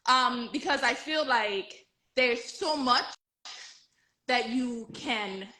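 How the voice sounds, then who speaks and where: A woman's voice: on the high side, slow, sharp tone, rough recording. A woman hosting a casual live-streamed chat with a friend, bubbly and laughing often. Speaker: host.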